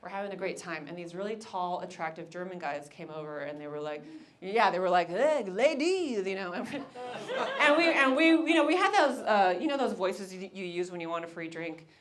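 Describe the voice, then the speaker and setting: A woman in her thirties performing a stand-up comedy set, telling a story with lively acted-out voices. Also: fairly low pitch, a little fast. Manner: animated storytelling, acts out characters.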